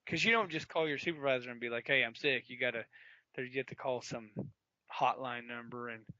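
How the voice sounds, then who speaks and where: A male podcast co-host in casual chat, telling a story with animated energy and acting out a phone call. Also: mid-range voice, a little fast, no echo. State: sore throat.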